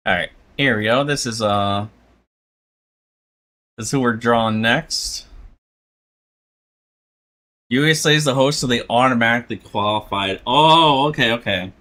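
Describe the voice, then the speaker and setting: A man's voice: mid-range voice, measured pace, long pauses, bright, forceful tone. A man from South Florida streaming as a VTuber, chatting casually and rambling while he draws, chuckling often and poking fun at himself. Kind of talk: casual chat while drawing.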